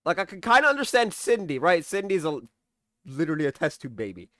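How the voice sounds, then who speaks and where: A young man with a slightly high voice gives a loose, rambling episode recap, cussing freely and slipping into sarcastic mock quotes. He sounds close to the mic in a dry, dead room. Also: big pitch swings, quick pace, bright, forceful tone, dry recording. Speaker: TV episode reviewer. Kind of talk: casual recap and commentary.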